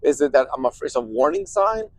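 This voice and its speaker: A man's voice: mid-range voice, animated, fast, dry recording. A man working as a therapist hosts a podcast, explaining ideas in a conversational way and often checking in with "right?". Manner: grows quieter and softer when describing intuition.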